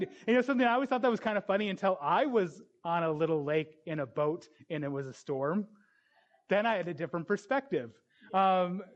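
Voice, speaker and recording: A man preaching a sermon, telling stories and acting out the people in them with animated voices. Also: sits high, lo-fi sound. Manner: storytelling, animated voices in retold scenes.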